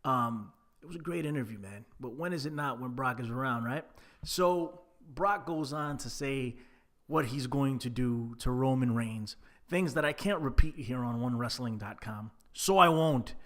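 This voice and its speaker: A man's voice: mid-range voice, moderate pace, a bit bright. A man casually reviewing a wrestling show, chatty and laid-back with plenty of fillers. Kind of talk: casual solo recap.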